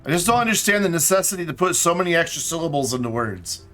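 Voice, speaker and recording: Man streaming a game, chatty and lively. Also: on the high side, fast, soft background music. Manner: chatty, talks to himself and to objects in the game; mumbles and repeats himself while thinking aloud. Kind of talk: casual live commentary while playing.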